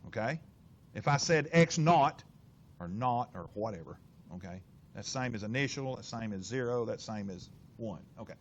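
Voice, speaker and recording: A middle-aged man teaching physics in a classroom, working problems aloud with lively inflection and constant questions to the class. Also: medium pitch, moderate pace, lo-fi sound. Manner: animated, lots of rhetorical questions and inflection.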